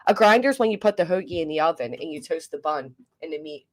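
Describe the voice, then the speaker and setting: A woman's voice: deep voice, expressive, quick pace. A woman, hosting a casual livestream, reading comments and joking bluntly with swearing. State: coughing. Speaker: livestream host.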